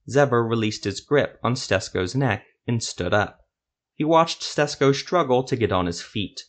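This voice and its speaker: Low-voiced man reading steadily. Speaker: narrator. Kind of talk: scripted story narration.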